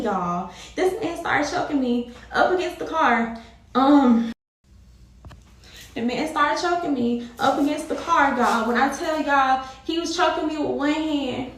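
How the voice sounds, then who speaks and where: A woman with a somewhat high voice talks straight to her viewers in a casual storytime. She is emphatic and circles back over her points. The room rings with heavy echo. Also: expressive, unhurried, a bit bright, distant mic. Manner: emphatic and repetitive, often addressing viewers directly. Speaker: vlogger telling a personal story. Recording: very echoey room.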